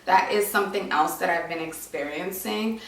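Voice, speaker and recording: A woman's voice: on the low side, moderate pace, fairly bright tone. A young woman giving a casual vlog update, talking with lots of fillers and sounding a little short of breath. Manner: chatty, many "like" and "um" fillers. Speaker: vlogger. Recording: echoey room, voice a bit far from mic.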